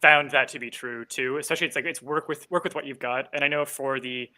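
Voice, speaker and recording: Man host, quick and bright, loose rambling chat full of fillers. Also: mid-range voice, steady tone. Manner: rambling, lots of ums and likes, laughs easily. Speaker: host, game master. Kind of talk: casual chat about voice acting.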